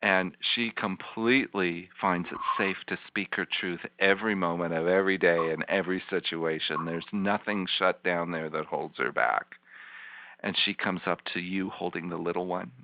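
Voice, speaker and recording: Deep-voiced man guiding a calm visualization. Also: moderate pace, creaky, dry recording. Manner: soft, repetitive, soothing coaching. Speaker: healing practitioner guiding a volunteer. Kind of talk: slow guided imagery session. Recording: dull lo-fi teleconference line.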